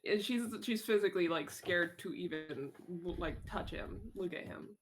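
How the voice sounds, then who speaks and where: A woman's voice: on the low side, normal speed, very noisy. A young woman playing a tabletop game, talking bluntly and swearing freely. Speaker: player. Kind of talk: casual tabletop game talk.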